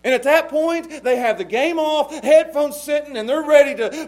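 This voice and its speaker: A man preaching a sermon as pastor, passionate, swinging between loud pleading and hushed intensity. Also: very high voice, normal speed, few pauses, poor audio.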